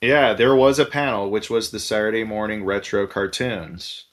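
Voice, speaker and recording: A man telling a story in casual podcast chat, animated and profane, acting out the people he quotes. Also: fairly low pitch, normal speed. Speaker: podcast host.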